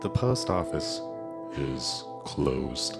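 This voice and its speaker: A man leading a parody guided meditation in a solemn, drawn-out way. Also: a bass voice, very animated. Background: music.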